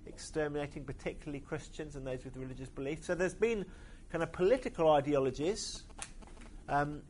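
A man preaching a sermon, pausing often with hesitant fillers. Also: fairly high pitch, darkish tone, slight background noise.

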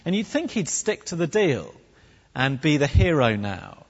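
A preacher gives a sermon with wry humour and a very lively, swooping pitch. His voice is a little husky and slightly high. It sounds dull and echoey, as if caught from the far side of a large hall. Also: a little slow. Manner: animated, wry, with comic put-on voices. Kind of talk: sermon with humorous asides.

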